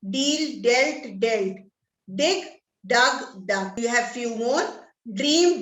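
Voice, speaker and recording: A woman teacher with an Indian English accent slowly reciting lists of English verb forms in a drilled manner. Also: on the high side, expressive, fairly bright tone. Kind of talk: reading a verb list aloud. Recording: roomy echo, distant mic.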